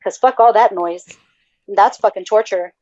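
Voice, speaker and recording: A woman's voice: medium pitch, moderate pace, a little mellow, no echo, lo-fi sound. A woman from El Paso co-hosting a podcast in casual chat, cursing freely and erupting in mock-outraged outbursts. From El Paso, Texas. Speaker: podcast co-host.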